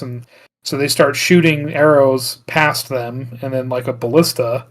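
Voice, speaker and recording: A man's voice: mid-range voice, steady tone, a little slow. A man co-hosting a podcast, recapping a film in casual chat with lots of filler words and restarts. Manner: rambling plot recap full of "like" fillers. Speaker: podcast co-host.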